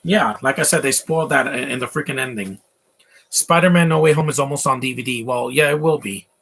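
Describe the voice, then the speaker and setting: A man's voice: medium pitch, fairly quick, creaky, fairly bright tone, husky. A man giving casual, rambling live commentary over a movie, opinionated and full of asides and fillers. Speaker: film commentator.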